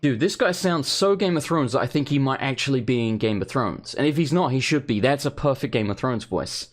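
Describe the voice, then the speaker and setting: A man's voice: mid-range voice, expressive, brisk. A young man doing casual gameplay commentary, rambling and exasperated as he talks to himself. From England. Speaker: let's play host.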